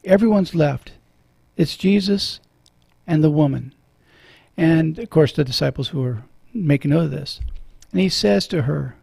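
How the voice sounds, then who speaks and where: A man's voice: a little high, a little slow, creaky, long pauses, darkish tone, breathy edge, no echo. A middle-aged man hosting a radio talk show from a studio, earnest and preacherly, moved when he quotes scripture.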